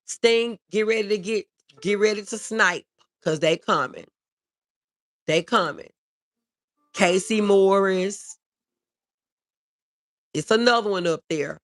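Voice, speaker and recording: This livestream host is a woman with a medium-pitched voice who talks slowly and pauses often. Going through viewer comments aloud, she answers each in a warm, earnest way and frequently repeats her main points.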